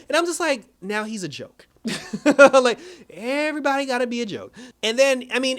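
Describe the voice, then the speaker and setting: A young man casually recapping a TV episode, talking in loose slang and acting out characters' lines in quick impressions. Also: sits high. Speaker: video reviewer.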